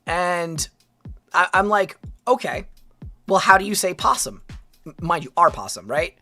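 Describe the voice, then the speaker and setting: A woman's voice: on the low side, sing-song, moderate pace, pauses often, pushed and bright, faint music behind. An American woman streaming, chatting casually and animatedly with many laughs and rambling asides. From United States. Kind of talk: casual livestream chat.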